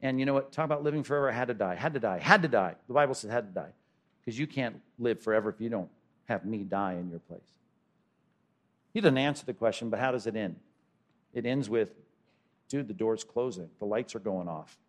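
His pitch is fairly low and his pace a little fast. This pastor preaches with animation, going from loud exclamations to hushed asides and quizzing the congregation.

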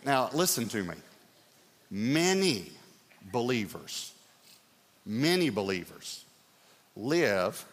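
Middle-aged preacher guy, lively storytelling sermon, mid pitch, long church reverb. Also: slow, pauses often. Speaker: pastor. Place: church sanctuary. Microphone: stage mic.

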